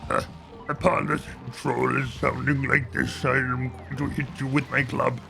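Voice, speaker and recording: A man voicing a brutish male troll who threatens to hit with his club, in a gravelly put-on voice. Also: medium pitch, flat delivery, moderate pace, over music. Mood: menacing.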